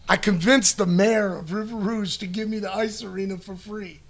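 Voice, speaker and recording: Brief: middle-aged podcast guest, high gravelly voice, loose rambling storyteller. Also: male voice, fairly even intonation, moderate pace. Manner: rambling, swears, many restarts and fillers. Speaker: podcast guest answering listener questions. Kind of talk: casual storytelling chat.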